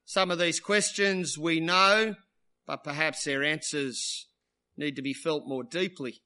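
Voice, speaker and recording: A man delivering a sermon with a high, bright voice. He talks conversationally, tossing tag questions back to the congregation. His delivery moves from hushed, drawn-out emphasis to quick, animated stretches. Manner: shifts between quiet, slow emphasis and lively bursts. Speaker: preacher.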